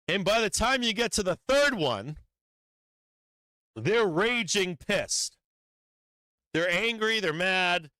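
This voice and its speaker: Blunt, foul-mouthed man with a bright voice. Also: sits high, smooth, dry recording. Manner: profane, blunt, animated chart talk. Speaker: stock market stream host. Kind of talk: casual live market commentary.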